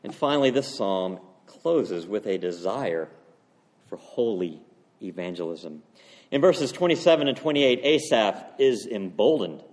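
A man preaching an earnest sermon as a pastor, swinging from loud emphasis to hushed, quiet phrases. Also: lowish voice, lively intonation, measured pace. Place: church sanctuary. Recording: long reverb of a church hall.

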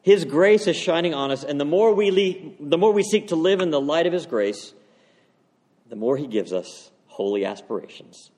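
A man preaching an earnest sermon as a pastor, swinging from loud emphasis to hushed, quiet phrases. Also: a little high, expressive, moderate pace. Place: church sanctuary. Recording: long reverb of a church hall.

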